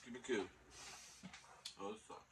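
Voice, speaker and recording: A man's voice: fairly low pitch, fairly even intonation, normal speed. A man vlogging, telling a story in a flamboyant way, calling the listener "girl" and acting out the other people in it. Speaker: mukbang vlogger. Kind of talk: storytelling vlog. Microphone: phone camera.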